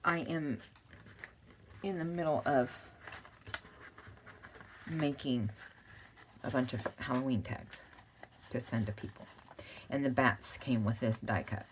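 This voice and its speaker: Low-voiced chatty woman crafting at home. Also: unhurried, long pauses, a little hiss or hum. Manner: rambling, chatty, often laughing at her own story. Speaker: crafting channel host. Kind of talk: casual crafting chat.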